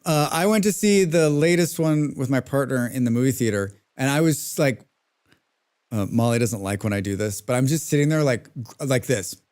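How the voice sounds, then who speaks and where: A man's voice: mid-range voice, moderate pace, a little mellow. A man streaming a colony game live, chatting casually and ranting to his viewers while he plays. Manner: chatty, ranting, reads out chat names.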